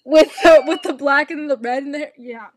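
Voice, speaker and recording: A young woman co-hosting a podcast, chatting casually and animatedly with quick asides. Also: high-pitched, dry recording. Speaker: podcast co-host. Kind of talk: casual chat.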